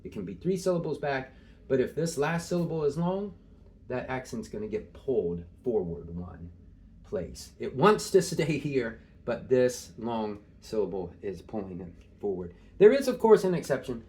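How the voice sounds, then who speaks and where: Casual male tutor, talks it through with fillers and chuckles, lively intonation. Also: mid-range voice, moderate pace. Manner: casual, thinking aloud with many fillers and small laughs. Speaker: Greek tutor. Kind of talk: informal screen-share lesson.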